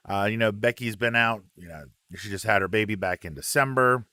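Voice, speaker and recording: A man hosting a relaxed live wrestling chat, reading out viewer comments with plenty of ums and uhs. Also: lowish voice, fairly quick, few pauses, clean tone, dry recording.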